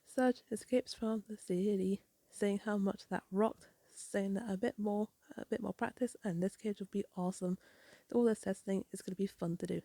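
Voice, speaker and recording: A woman casually recaps a comic issue, rambling and often apologizing. Her voice is mellow and gravelly. The recording is dry and close. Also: mid-range voice, steady tone, moderate pace, no room sound. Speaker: comic reviewer. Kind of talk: casual chat.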